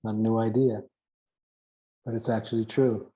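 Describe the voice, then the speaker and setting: A man's voice: lowish voice, level tone, normal speed, dark tone, low-quality recording. A man giving an earnest spiritual teaching talk, stressing his points by repeating phrases and now and then chuckling at himself.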